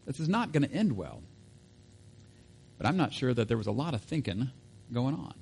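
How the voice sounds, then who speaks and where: A man's voice: medium pitch, very animated, normal speed, creaky, darkish tone, slightly rough. A man preaching a sermon in a casual, conversational way, with asides and self-corrections. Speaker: pastor.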